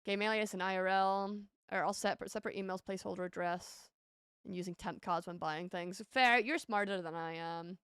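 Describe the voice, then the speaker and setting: A woman with a Northern English accent chats loosely with her viewers on a live stream, often stumbling over her words and laughing. Her middle-pitched voice sits close to the mic in a dry, dead room. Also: fairly even intonation, brisk, fairly bright tone, clear, resonant tone, no echo. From Northern England. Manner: chatty, laughs often, stammering restarts. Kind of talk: casual chat with viewers.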